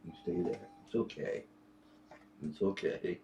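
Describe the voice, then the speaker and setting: A man in his sixties from Ohio with a deep bass voice, chatting casually and rambling through stories on a livestream. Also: a little slow, mellow, a little hiss or hum. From Northeast Ohio. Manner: rambling, easygoing storyteller. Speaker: guest on a livestream reading viewer messages.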